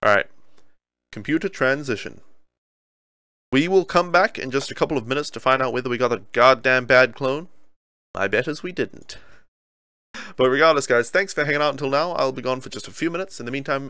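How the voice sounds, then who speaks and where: A man's voice: medium pitch, sharp tone, no room sound, clean studio sound. A man doing playful live commentary while streaming a video game and joking with his chat. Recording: faint game music behind.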